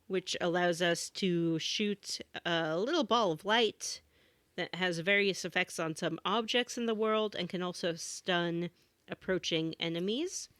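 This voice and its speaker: A woman's voice: medium pitch, fairly bright tone, no echo. Woman podcast co-host, playful recap delivery, dry close sound. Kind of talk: casual game discussion.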